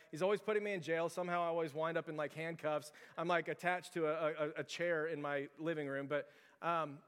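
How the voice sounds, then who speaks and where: With a fairly high, slightly bright voice, a man in his thirties preaches casually as a pastor. He tells stories in a conversational way and often chuckles, heard through the long reverb of a hall.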